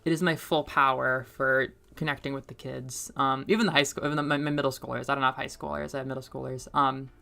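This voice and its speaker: A young woman streaming a game and chatting casually, rambling between topics, laughing often and getting suddenly loud when excited. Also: a bass voice, quick pace, gravelly, hardly any pauses. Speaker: streamer and middle school teacher. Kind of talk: casual chat while playing a game.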